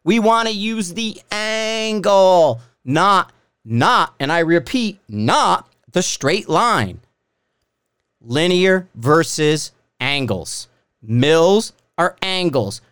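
Animated ranting man, dry close mic. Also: high voice, clear, resonant tone, no echo. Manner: animated, exasperated, profane, mocks others in put-on voices. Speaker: podcast host, shooting instructor. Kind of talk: casual ranting monologue.

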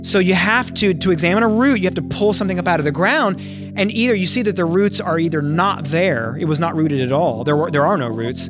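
Texas guy in his 40s, kinda high voice, thinks out loud, jokes about himself. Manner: thoughtful, self-mocking, restarts mid-phrase. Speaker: guest musician. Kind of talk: reflective interview talk.

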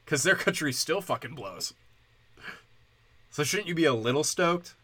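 A man's voice: fairly high pitch, expressive, a little slow, pushed and bright, dry recording. A male comedian ranting sarcastically, crude and full of curses. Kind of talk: profane comedic rant.

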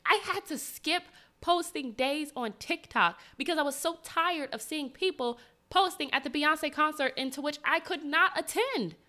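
Animated, bright-voiced woman telling a story. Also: high voice. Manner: animated, dramatic, talks straight to listeners. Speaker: podcast host. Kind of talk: casual storytelling.

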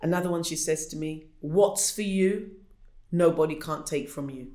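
A middle-aged woman from the United Kingdom, an Olympic athlete, speaks at a moderate pace in a deep, dark voice. As a guest in a conversational interview, she tells stories animatedly and acts out quoted voices. The recording has a roomy echo.

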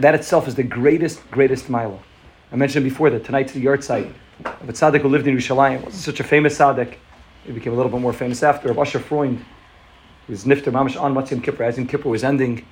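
A man giving a fervent Hasidic farbrengen talk, telling a parable and often repeating words and restarting. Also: mid-range voice.

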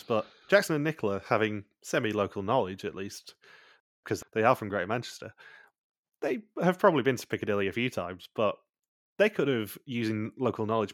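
低沉的英国口音男播客主持. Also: male voice, fairly low pitch, lively intonation, a little fast, dry recording, studio quality. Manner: blunt, swears casually, recaps plot in long runs. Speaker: podcast co-host. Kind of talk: casual chat recapping a TV show.

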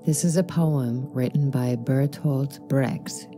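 A woman reading a poem aloud in a flat, solemn, unhurried way, with a gravelly voice. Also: a bass voice, over music. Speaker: poetry reader. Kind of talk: slow poetry reading.

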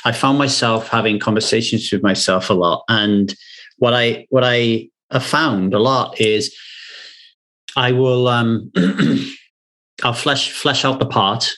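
A man hosting a podcast and talking through his ideas in a thoughtful, measured way. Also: medium pitch, fairly bright tone. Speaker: podcast host. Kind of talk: casual podcast conversation.

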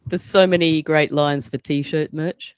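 A woman joining a casual podcast movie review as a guest, chatting in a relaxed way and laughing along. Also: sits low, unhurried, clean tone, muffled recording.

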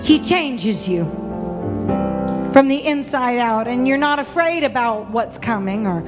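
Female preacher, higher voice, fervent sermon style, long hall reverb with soft music underneath. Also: animated, unhurried. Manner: impassioned, acts out quoted voices with big pitch swings. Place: church.

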